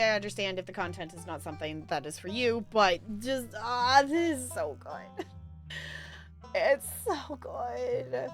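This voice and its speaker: An excitable woman streamer reads game narration and chats live, breaking into eager commentary and laughter. Her voice is fairly high and very lively in pitch. Soft game music plays faintly behind her. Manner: excitable, gushing, quick laughs. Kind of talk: live gameplay commentary and reading game text.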